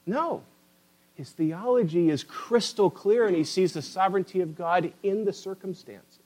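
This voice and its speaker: Man, preacher, fervent sermon, swings between loud emphasis and quiet asides, fairly high pitch. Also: moderate pace, poor audio. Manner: impassioned, rising and falling emphasis, addresses listeners as beloved.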